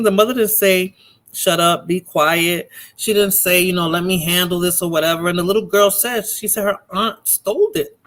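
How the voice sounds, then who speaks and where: A man's voice: sits high, moderate pace, a bit bright. A man hosting a live stream, chatting casually with his viewers and reacting to a video. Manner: chatty, talks to viewers in chat by name. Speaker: livestream host reacting to videos.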